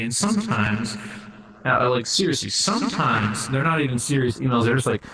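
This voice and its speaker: Improvising God as a comedy role, a streamer rambles and swears, frequently stopping himself mid-sentence. His medium-pitched voice is pushed and bright with lively intonation at a normal speed, captured on a rough recording.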